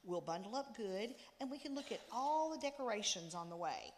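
A woman's voice: mid-range voice, animated, a little fast, long reverb tail, slight background noise, natural voice. A woman voicing an eager young girl in a story read aloud.

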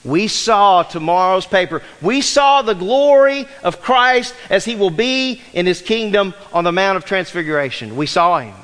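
Male pastor, 50s, high voice, emphatic preacher asking the room questions; long hall echo. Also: lively intonation, moderate pace, hardly any pauses, fairly bright tone, clean tone. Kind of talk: sermon. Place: church sanctuary. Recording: long reverb of a large hall.

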